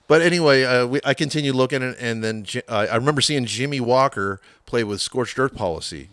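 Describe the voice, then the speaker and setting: A man's voice: mid-range voice, a little fast, clean tone, no echo, studio quality. A middle-aged man telling stories as a podcast guest, swearing freely and acting out what others said. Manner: animated storyteller, swears a lot, acts out quotes. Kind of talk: casual interview storytelling.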